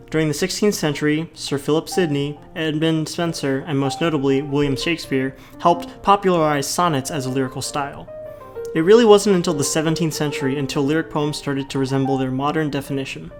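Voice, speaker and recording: A man reading a school presentation from a script in a steady voice. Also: on the high side. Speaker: student presenter. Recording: soft guitar music behind.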